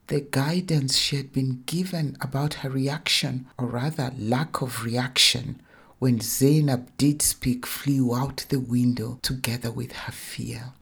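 Very low, husky woman reading a story. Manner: calm, measured narration. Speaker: story narrator.

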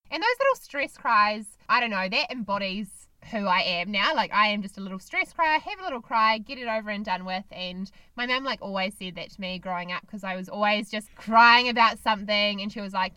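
A woman's voice: medium pitch, brisk, hardly any pauses, sharp tone, clean tone, no room sound. A woman co-hosting a casual chat podcast, talking in an earnest, reflective and opinionated way.

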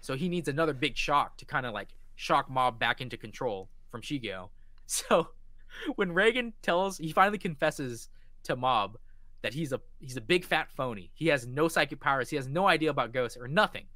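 Bright, excitable man gushing on a podcast. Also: mid-range voice, normal speed, no echo. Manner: excited storytelling with heavy swearing. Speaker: podcast co-host. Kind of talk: casual chat.

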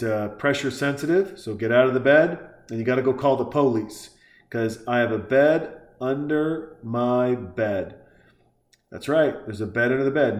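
A man rambling through a comedic movie recap, profane and excitable, jumping from point to point. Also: medium pitch, roomy sound. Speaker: movie reviewer.

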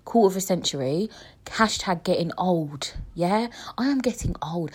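A woman's voice: lowish voice, animated, normal speed, a little mellow, breathy edge. A woman, hosting a casual podcast, chatty and cheeky, swearing and mimicking other people's voices. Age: 20s. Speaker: podcast host. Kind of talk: casual chat.

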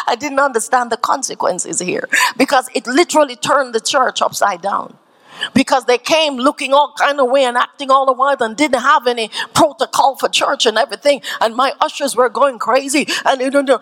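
A woman pastor from Canada preaching a sermon, building to shouted climaxes and repeating key phrases. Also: high voice, normal speed.

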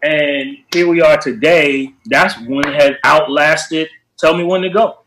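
Guy producer telling studio stories all animated, kinda high voice, roomy echo. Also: unhurried, slight background noise. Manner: animated, acts out quotes with shouted voices. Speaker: music producer guest. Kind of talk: casual storytelling interview.

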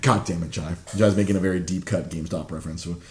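Low-voiced man, rambling casual chat. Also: fairly even intonation, fast talker. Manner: rambling, profane, lots of fillers. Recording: roomy echoey room.

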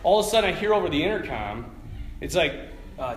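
At a retreat, a priest gives a talk and tells a story in an animated way, often laughing and acting out what people said. His male voice is on the high side and fast, and the room is echoey.

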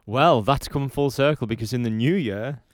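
A man's voice: mid-range voice, moderate pace, no echo, studio quality. A man co-hosting a dance-music radio show, teasing his partner and introducing tracks in an easygoing way. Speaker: radio co-host. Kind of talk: radio banter.

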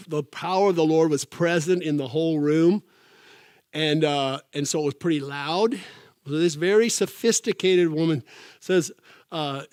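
A man preaching a sermon, telling stories and acting out quotes with sudden bursts of shouting. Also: on the high side, dry recording, studio quality. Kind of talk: sermon storytelling.

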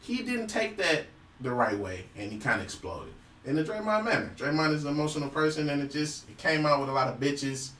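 A man in a casual sports debate, animated and argumentative, swearing freely. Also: a little high, brisk, reverberant, recorded from a distance, rough recording.

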